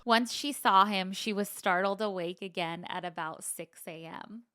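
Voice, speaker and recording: A woman's voice: mid-range voice, unhurried, sharp tone, clear, resonant tone, dry recording, clean studio sound. A woman co-hosting a podcast, chatting candidly and reading out a listener email, laughing easily. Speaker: podcast co-host.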